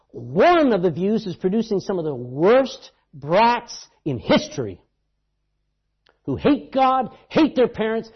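A man preaching a sermon, telling stories with emphasis and swinging between loud outbursts and hushed asides, in a dull lo-fi recording. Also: high voice, slightly rough.

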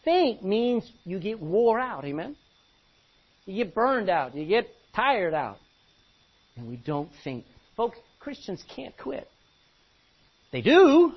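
A man's voice: high voice, slightly rough, lo-fi sound. A man preaching a sermon in an emphatic way, repeating phrases and calling out for amens.

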